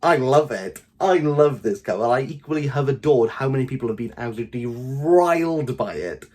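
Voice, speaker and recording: In this vlog, a man from Wales with a Welsh accent gives an opinionated book review at normal speed and medium pitch, speaking in lively, exasperated bursts.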